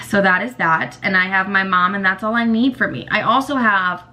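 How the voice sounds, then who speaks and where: Blunt, bright-voiced young woman. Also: medium pitch, fairly even intonation, normal speed. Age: young adult. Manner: blunt and emotional, swears freely. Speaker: podcast host. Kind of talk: candid personal monologue.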